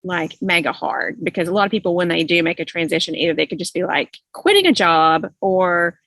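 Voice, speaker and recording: A woman's voice: fairly low pitch, animated, brisk, fairly bright tone, dry recording. A woman hosting an interview, asking long, rambling, self-correcting questions with many fillers. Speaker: host, interviewer.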